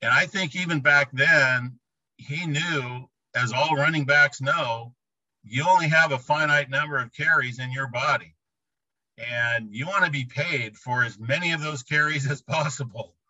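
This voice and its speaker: A man giving a reflective interview answer, often pausing to search for words. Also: medium pitch, sharp tone, no echo, lo-fi sound. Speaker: interviewee recalling an athlete.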